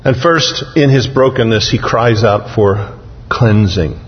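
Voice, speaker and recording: A man preaching a sermon in an earnest, repetitive cadence, stressing his key phrases slowly. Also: on the low side. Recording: dull, muffled audio with long reverb.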